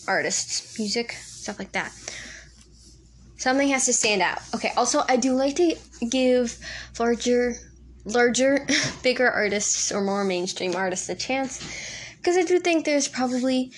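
A woman's voice: a little high, unhurried, long pauses, a little hiss or hum. A teenage girl chatting alone on a casual podcast from home, rambling with lots of ums and likes and laughing often. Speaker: podcast co-host. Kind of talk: solo casual podcast chat. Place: home room. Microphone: home recording app.

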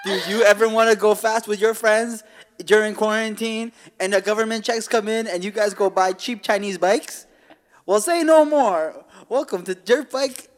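A man putting on the voice of an excited ad announcer pitching dirt bikes, talking in a bouncy sales tone. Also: normal speed, lightly acted. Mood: hyped.

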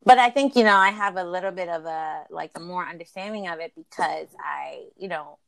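A woman's voice: fairly low pitch, a little fast, vocal fry, a bit bright, no echo. A young woman from New York with a New York accent, co-hosting a podcast in casual, slangy chat and laughing often. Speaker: podcast co-host.

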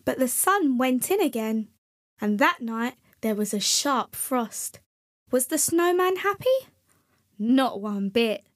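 Lady reading a kids story slow, kinda high voice, gentle. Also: big pitch swings. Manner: gentle, addressing children. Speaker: storyteller host. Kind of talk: children's story narration.

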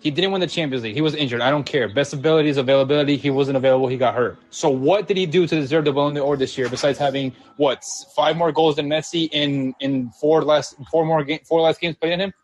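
A man arguing fast and insistently in a casual podcast debate, rattling off statistics and pressing the others to convince him. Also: a little high. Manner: fast, insistent, combative, reels off stats. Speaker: podcast co-host.

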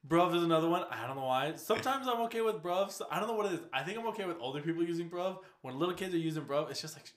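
A man's voice: fairly high pitch, lively intonation, rapid-fire, hardly any pauses. A young man chatting casually as a podcast co-host, swearing freely and laughing often. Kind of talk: casual profane chat. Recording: echoey room.

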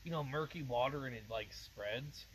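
A man's voice: medium pitch, moderate pace, slight background noise, poor audio. A young man telling wild stories to friends in casual chat, swearing often and saying "dude" constantly. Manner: animated storyteller, swears a lot, says "dude" constantly. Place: outdoors, windy spot.

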